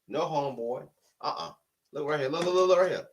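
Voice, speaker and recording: A man's voice: on the high side, a little fast, distant mic, slight background noise. A man delivering a heated, argumentative opinion rant to the camera, repeating rhetorical questions to drive home his point. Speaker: online commentator. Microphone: camera-facing recording.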